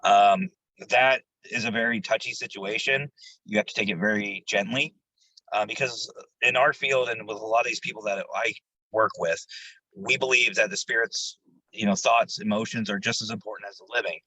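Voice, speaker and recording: A man who investigates the paranormal, a guest on an interview show, telling his stories in a casual, animated way. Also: on the low side, moderate pace, breathy edge, dry recording, low-quality recording. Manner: animated, jumps into quoted voices, laughs while telling stories.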